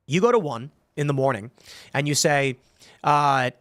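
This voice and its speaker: A podcast host with a mid-range voice reads viewer comments aloud at a normal speed, chatting casually and acting out quotes as he tells stories. His delivery is animated, and the recording is dry.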